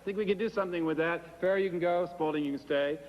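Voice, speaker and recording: A man playing a slick, flattering male Hollywood producer who talks breezily and calls people babe, during a stage monologue. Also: sits high, fast talker, big-room sound, highs cut off, voice pushed up, natural voice. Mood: upbeat.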